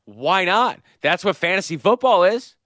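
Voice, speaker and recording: A man's voice: high-pitched, lively intonation, moderate pace, a bit bright, no room sound, studio quality. A man in his thirties co-hosting a podcast, telling stories with frequent laughs in a casual chat. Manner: storytelling, laughing often. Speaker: podcast co-host.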